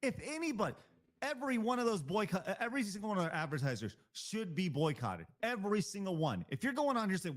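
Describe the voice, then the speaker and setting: A man's voice: high-pitched, sing-song, quick pace. A male live stream host giving blunt, profane, heated reaction commentary.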